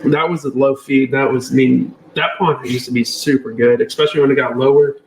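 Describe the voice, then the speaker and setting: Male podcast co-host, roomy sound, faint noise, animated storyteller. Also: mid-range voice, a little fast. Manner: animated storyteller, acts out quotes. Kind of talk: casual hunting chat.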